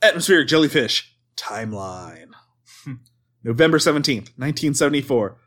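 A man's voice: mid-range voice, animated, moderate pace, fairly bright tone. A man hosting a casual podcast, reading items from a list aloud with frequent laughs and stumbles. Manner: swears and laughs at his own mistakes. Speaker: podcast host reading cryptid lore.

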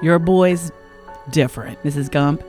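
A woman's voice: sits low, measured pace, a little mellow, soft background music. A woman playing a stiff, matter-of-fact male school official in a comedy podcast reenactment.

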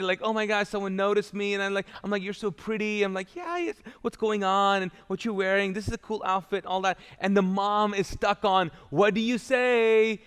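A man's voice: high voice, a bit bright. Reverberant male pastor preaching live. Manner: conversational storytelling with restarts and asides. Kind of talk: live sermon. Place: church auditorium. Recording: long church hall reverb.

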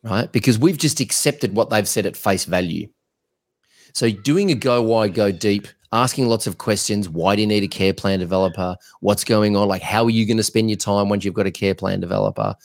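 A man co-hosting a podcast, giving business coaching advice in an energetic, blunt, rambling way. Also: lowish voice, fairly quick.

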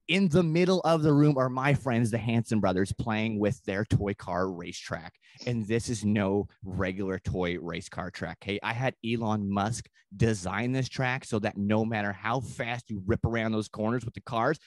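On a podcast, a male comedian guest tells a drawn-out comic tale full of profanity and tangents, briefly switching into put-on voices along the way. He speaks in a lowish voice, recorded with no echo.

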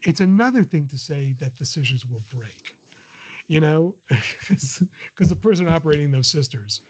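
A man's voice: fairly high pitch, expressive, moderate pace, a little mellow, slightly rough. An older man, a guest in a casual interview, talking in a digressive way with many restarts and chuckles. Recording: dull lo-fi audio.

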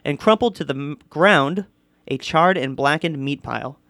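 A man with a somewhat high-pitched voice reads a listener's story aloud on a podcast. His delivery is animated and lively, and the recording is dry and close with no room sound. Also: normal speed, dry recording. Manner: animated reading, often breaking into laughter. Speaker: podcast co-host.

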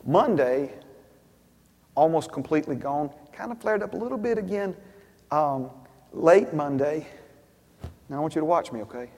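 Husky-voiced preacher man in a reverberant hall. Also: fairly high pitch, expressive, moderate pace, long pauses. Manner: storytelling, swings from hushed asides to loud emphatic bursts. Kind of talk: sermon.

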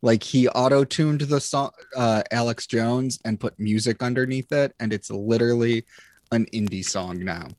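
A young man co-hosts a podcast, chatting casually in a mid-range, darkish voice at normal speed with no echo. He rambles, using lots of fillers and restarting often.

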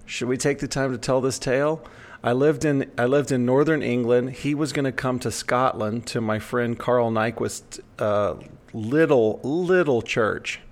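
A man's voice: medium pitch, a little slow. A man from the United States telling a long personal story in casual conversation, often restarting sentences and acting out what others said. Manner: rambling, self-correcting, animated when quoting others.

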